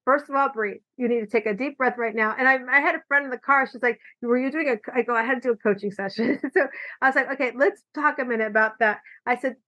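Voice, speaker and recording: A woman hosting a podcast, chatting casually and telling animated stories, acting out quoted lines, recorded with muffled lo-fi audio. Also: a little high, fast talker. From California. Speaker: podcast host. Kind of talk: casual conversation. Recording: dull lo-fi audio.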